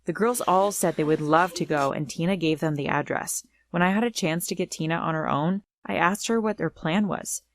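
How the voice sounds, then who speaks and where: A woman narrates a first-person storytime tale with a plain, earnest delivery. Her voice sits slightly low for a woman, even and unhurried.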